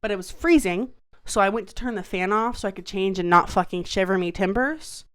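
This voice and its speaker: Speaking fairly fast at a medium pitch, this woman has a smooth voice. As a podcast co-host, she wanders through a casual anecdote, swearing often and saying "like" again and again.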